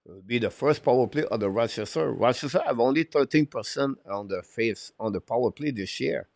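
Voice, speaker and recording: A man calling hockey play-by-play on a live stream. He talks haltingly, with frequent "uh" fillers, broken English phrasing and apologetic self-corrections. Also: mid-range voice, creaky, a little mellow, no echo, clean studio sound. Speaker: play-by-play commentator and show host.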